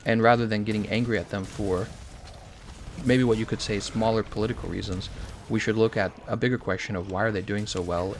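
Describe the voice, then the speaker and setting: A man's voice: lowish voice, slight background noise. An American man in casual commentary, rambling and opinionated while answering chat questions. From United States. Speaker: streamer.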